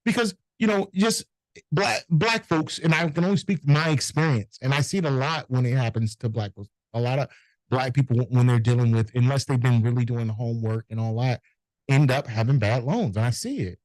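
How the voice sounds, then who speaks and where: A middle-aged man, a notary business owner, telling animated, profane anecdotes in a casual interview and acting out the people in them. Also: medium pitch, brisk, no room sound, poor audio.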